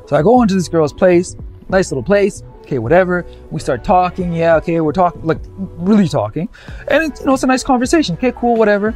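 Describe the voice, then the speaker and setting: A man's voice: sits high, quick pace, soft background music. A young man from Canada telling a comic story and acting out the people in it. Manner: animated, acts out the people in his stories.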